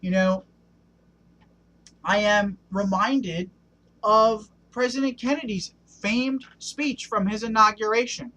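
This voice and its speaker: A man delivers an impassioned one-take rant to camera, his voice sitting high for a man. He keeps checking in with the viewer with a questioning "okay?" as he builds his case. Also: slow pace, sharp tone, low-quality recording. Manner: passionate, keeps asking "okay?". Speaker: vlogger. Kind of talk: ranting one-take monologue.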